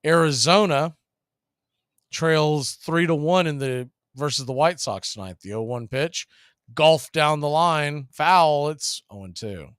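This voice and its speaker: A man calls a baseball game pitch by pitch, brisk and openly pulling for his team. His voice is smooth and resonant, a bit high for a man, and recorded dry and close with no room sound. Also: fairly bright tone, no echo. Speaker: radio play-by-play announcer. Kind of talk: live baseball play-by-play.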